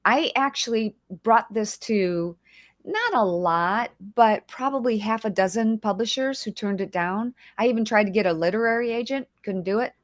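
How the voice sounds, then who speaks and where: A woman with a fairly high voice and lively intonation hosts a casual livestream at normal speed. She chats emotionally, greets viewers by name and holds back tears, recorded in studio quality with no room sound.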